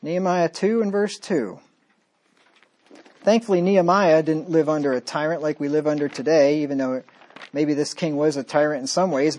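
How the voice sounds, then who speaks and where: A man delivers a sermon, reading scripture aloud in a firm voice. His talk swings between loud, emphatic points and quiet, sarcastic asides. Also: fairly high pitch. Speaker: preacher.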